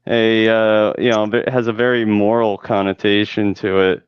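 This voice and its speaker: Teasing man with a smooth voice. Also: on the low side, level tone, lo-fi sound. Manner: teasing, laughs often, halting restarts. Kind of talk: casual chat.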